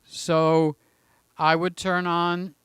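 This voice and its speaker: A man's voice: high voice, completely flat delivery, very slow, a bit bright, clean tone, no room sound, studio quality. A man in his late sixties hosting a live stream, chatting casually and greeting viewers by name in a rambling way. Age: 60s. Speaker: livestream host.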